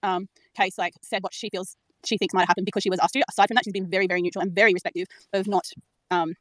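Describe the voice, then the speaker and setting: Woman web sleuth, rapid and filler-heavy, placating tone, dry audio. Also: medium pitch, fairly even intonation, fairly bright tone, dry recording. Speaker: web sleuth in group chat. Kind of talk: group audio-chat discussion.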